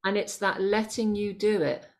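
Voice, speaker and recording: A middle-aged woman hosting a casual interview, relaxed and agreeable, often laughing along. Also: mid-range voice, moderate pace. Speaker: podcast host.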